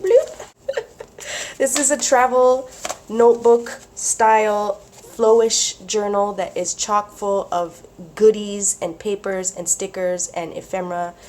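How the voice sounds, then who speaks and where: Gushing excitable woman crafter. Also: medium pitch, slight background noise. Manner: gushing and excitable, gasps, whispers, squeals. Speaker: craft vlogger. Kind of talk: casual chat to camera.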